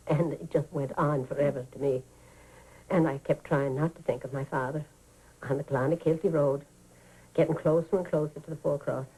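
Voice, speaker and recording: An elderly woman telling children an old family story. Her voice is low, dark and husky. She lingers on the story with sighs and feeling. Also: low-quality recording. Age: older. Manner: fond, vivid storytelling with sighs. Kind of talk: 1980s radio drama.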